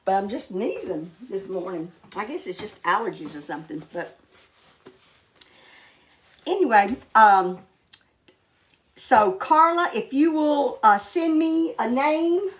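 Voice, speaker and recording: A woman's voice: fairly high pitch, lively intonation, takes it slowly, long pauses. An older woman hosting a casual cooking vlog, talking in a homey, rambling way with many fillers. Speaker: cooking show host.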